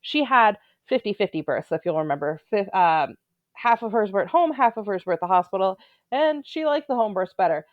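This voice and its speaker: A woman's voice: mid-range voice, animated, brisk, dry recording, narrow, tinny audio. A woman giving casual, opinionated commentary on a reality show, with blunt, sarcastic asides.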